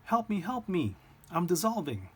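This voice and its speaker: A man's voice: fairly low pitch, fairly quick, slightly rough. A man voicing a panicking male polar bear as he tells a joke. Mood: panicked.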